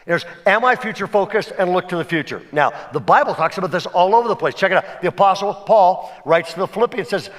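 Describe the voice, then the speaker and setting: Bright, high-voiced preaching pastor. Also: male voice, fast talker, hardly any pauses. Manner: animated storytelling, acts out voices in anecdotes. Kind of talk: sermon. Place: church sanctuary.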